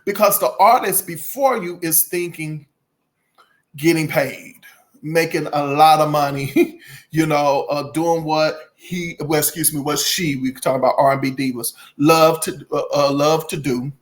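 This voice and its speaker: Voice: mid-range voice, unhurried. A music channel host giving casual commentary, laughing often and talking straight to the viewers with folksy asides. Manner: laughs often, chatty and animated.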